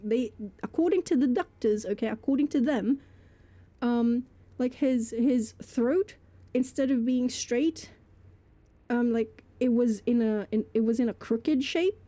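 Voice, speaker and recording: A woman's voice: on the high side, dark tone. A woman streamer telling a story to her live chat, rambling with lots of fillers and laughing between phrases.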